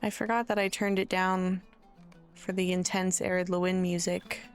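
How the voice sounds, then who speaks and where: A tired woman streaming a game, chatting in a relaxed, rambling way with self-deprecating asides. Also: on the low side, normal speed, smooth, faint music behind. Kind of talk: casual game streaming commentary.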